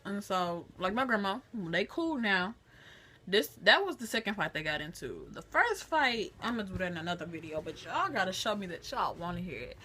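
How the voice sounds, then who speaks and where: A woman vlogger chatting to a phone camera, retelling a family story in a lively, chatty way. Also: mid-range voice, moderate pace, slight background noise.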